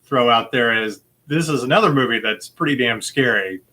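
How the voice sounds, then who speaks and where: Bright-voiced male quiz host. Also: mid-range voice, moderate pace. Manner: upbeat and chatty, laughs easily. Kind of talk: casual podcast quiz hosting.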